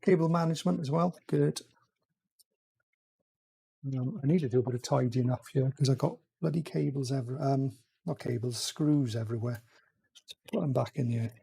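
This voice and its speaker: A man muttering quietly to himself as he chats casually on a live stream, talking through a build. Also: medium pitch, moderate pace, gravelly, pauses often, slightly rough, dry recording, clean studio sound. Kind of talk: casual live-stream chat while working.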